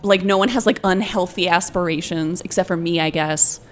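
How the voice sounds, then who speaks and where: A woman's voice: on the low side, fairly even intonation, a little fast, a little hiss or hum. Chatty young woman, laughing often. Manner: chatty, laughing, lots of fillers. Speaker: guest comedian. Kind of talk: casual interview chat.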